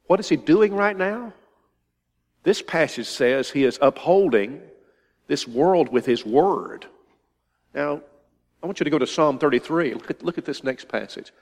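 Man preaching in an echoing hall. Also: medium pitch. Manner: emphatic, repeats himself for stress. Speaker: pastor. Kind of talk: sermon. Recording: long hall reverb.

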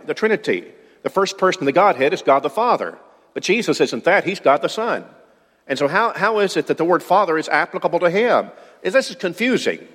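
A man's voice: mid-range voice, fairly bright tone. Preacher man in a reverberant hall. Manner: earnest, repeats words while building a point. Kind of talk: sermon.

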